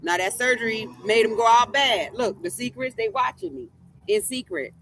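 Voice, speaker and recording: Brash, bright-voiced woman reading tarot. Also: a little high, moderate pace, a little hiss or hum. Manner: brash, profane, boastful, repeats herself. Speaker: tarot reader and streamer. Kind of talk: casual livestream tarot commentary.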